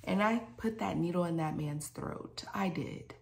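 Brief: woman vlogger, lower voice, chatty and dramatic, speaks directly to viewers. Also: measured pace, few pauses. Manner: animated, dramatic, slangy, addresses viewers directly. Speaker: vlogger and dental hygienist. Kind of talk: casual storytime monologue.

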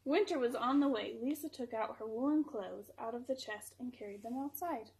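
A woman reading a picture book aloud to children, gentle and expressive. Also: on the high side, moderate pace, creaky, slight background noise.

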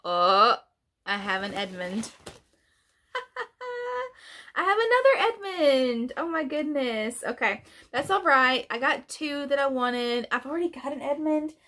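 A woman's voice: high-pitched, big pitch swings, slow pace, pushed and bright. A woman vlogger chatting casually through an unboxing, gushing and laughing often.

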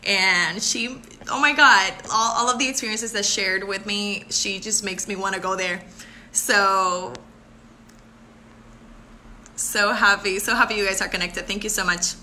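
Brief: 20s woman, live stream host, effusive and bubbly, very bright voice over faint hiss. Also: medium pitch, fairly even intonation. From Puerto Rico. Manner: bubbly and effusive, quick to thank and laugh. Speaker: beauty pageant contestant. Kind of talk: live stream answering viewer comments.

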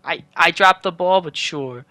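Bright-voiced man recapping a game. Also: sits high, dry recording. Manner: quick play-by-play recap with dry asides. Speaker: gaming channel host. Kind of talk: casual game commentary recap.

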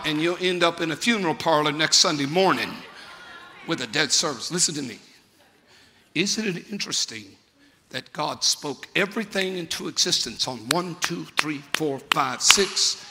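A man's voice: on the high side, pushed and bright. A man preaching a sermon as a pastor, fervent and conversational, firing rhetorical questions at his congregation. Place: church sanctuary. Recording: long church reverb.

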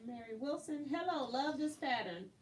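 A woman hosting a casual live quilting tutorial, chatty and quick to laugh. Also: high-pitched, expressive. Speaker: quilting instructor and host. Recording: roomy, distant mic, faint noise.

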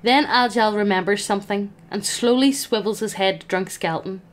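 A woman's voice: medium pitch, a little fast. A woman acting as game master, narrating a tabletop game in a playful, amused way.

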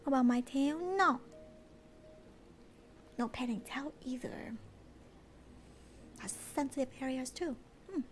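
A female livestreamer chatting in whispered role-play, soft and bubbly, at home at night. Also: high-pitched, a little slow, pauses often, a little hiss or hum.

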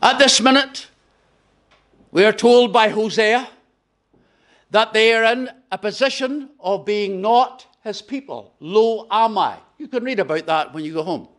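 A man with a Northern Irish accent preaching a gospel hall sermon, slow and emphatic, with sudden drops to a near hush. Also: sits high.

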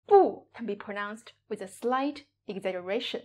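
A woman's voice: medium pitch, normal speed, darkish tone. A woman teaching Mandarin pronunciation, modeling each syllable with exaggerated tones in a scripted lesson.

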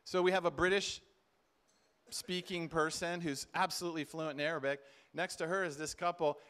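A man speaking at a Christian conference, telling stories in an animated way and acting out conversations. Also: on the high side, normal speed, clean tone. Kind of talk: storytelling sermon talk.

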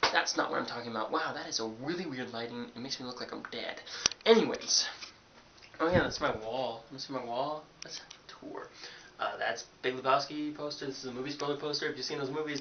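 A young man, a college student, telling a sarcastic, animated story in a casual vlog from his dorm room. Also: mid-range voice. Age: young adult. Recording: dull lo-fi webcam audio with hiss.

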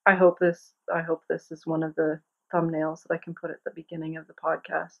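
A woman's voice: deep voice, brisk, vocal fry, phone-quality sound. Chatty giggly woman knitting podcaster. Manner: chatty, giggly, excitable asides. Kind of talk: casual chat to camera. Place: home.

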